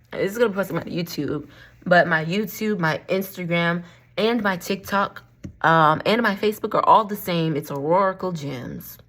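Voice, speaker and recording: Woman vlogging from home, low-ish voice, rambly and giggly, lots of y'all. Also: fairly bright tone. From Florida. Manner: chatty and rambling, laughs often, says y'all. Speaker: vlogger and crystal seller. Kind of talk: casual chat to camera.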